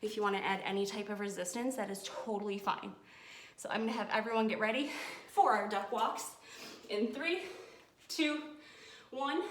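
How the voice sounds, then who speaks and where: In this guided home workout, the fitness instructor's fairly high voice stays upbeat and encouraging as she counts down each set. The mic sits far from her in an echoey room, and there's slight background noise.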